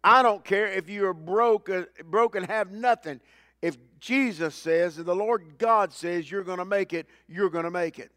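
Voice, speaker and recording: Male pastor, high-pitched, preaching a sermon; loud emphasis alternating with hushed lines, lots of repetition. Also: unhurried, dry recording, studio quality. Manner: preaching with swings between loud emphasis and low quiet asides; repeats key lines for emphasis.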